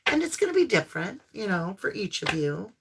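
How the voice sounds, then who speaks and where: A woman's voice: medium pitch, sing-song, a little fast, creaky, background noise. A woman doing a live tarot reading for her viewers, talking in an effusive, affirming way with lots of exclamations. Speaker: tarot reader.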